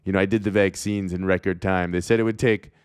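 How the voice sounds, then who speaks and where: Man doing a boastful older politician, bragging superlatives, low voice, dry sound. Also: fairly even intonation, fast, smooth, no room sound, natural voice.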